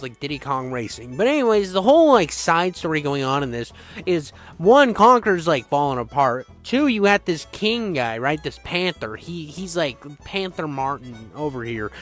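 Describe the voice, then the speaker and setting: A young man giving an excitable, crude, slang-filled game retrospective in casual rambling style. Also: on the high side. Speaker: game reviewer.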